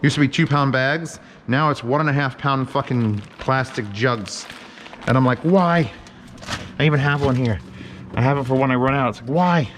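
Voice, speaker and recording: A man talks his way through a home cooking session in a loose, joking manner. He swears freely and rambles from one thought to the next. His pitch sits at an ordinary middle level for a man, with a faint background hum behind him. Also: steady tone, brisk, a bit bright. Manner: joking, profane, rambling commentary. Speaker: home cook host. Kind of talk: casual cooking vlog. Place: home kitchen.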